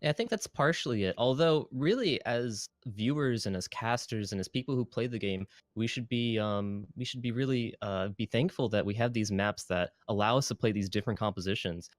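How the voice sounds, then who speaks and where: Fast-talking male esports analyst. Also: mid-range voice, dry recording, studio quality. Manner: fast, rambling analysis with fillers and restarts. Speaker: color caster.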